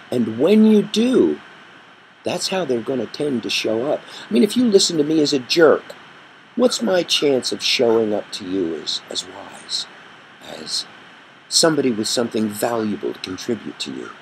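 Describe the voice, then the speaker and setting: A man teaching a communication workshop, telling a story with an animated delivery that rises and drops for effect. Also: mid-range voice, normal speed, vocal fry, slight background noise, poor audio. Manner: animated storyteller, rising and dropping his voice for effect. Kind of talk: storytelling lesson.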